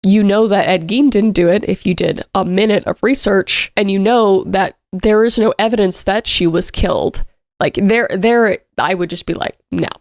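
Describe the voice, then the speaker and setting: A woman in her thirties talks through a true crime case as a commentary host. Her voice sits at a middling pitch and the recording is dry and close, with no room sound. She speaks casually and emphatically, with plenty of fillers, her frustration showing. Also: moderate pace, dry recording.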